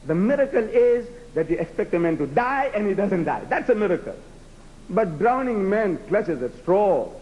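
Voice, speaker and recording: A man's voice: high voice, big pitch swings, moderate pace, a little mellow, highs cut off. A man from South Africa whose first language is Gujarati, giving a rhetorical, challenging public lecture to a live audience. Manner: rhetorical, challenging, acts out debates with mock voices.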